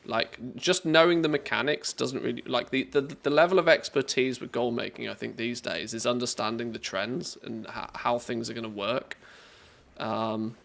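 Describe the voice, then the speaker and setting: Male streamer, casual live chat, gravelly fry in his voice, mid pitch, rambling with restarts. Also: fairly even intonation, moderate pace, fairly bright tone.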